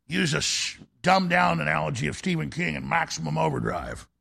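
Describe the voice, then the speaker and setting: A man hosts a talk show in an intense, conspiratorial rant. His voice is gravelly and pitched high, and he pushes each point hard. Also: lively intonation, fairly quick, bright, forceful tone. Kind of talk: ranting monologue.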